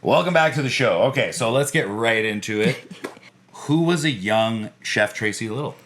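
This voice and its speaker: A man's voice: mid-range voice, expressive, moderate pace, a bit bright. A man hosting a podcast, enthusiastic and upbeat as he chats with his guest. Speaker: podcast host. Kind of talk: casual interview chat. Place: live recording in a studio.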